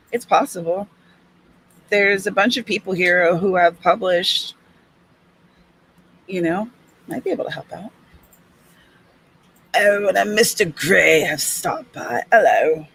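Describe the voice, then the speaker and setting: A woman's voice: mid-range voice, fairly bright tone, slight background noise, low-quality recording. A woman hosting a writing livestream, chatting casually and reading comments aloud with small asides. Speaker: host.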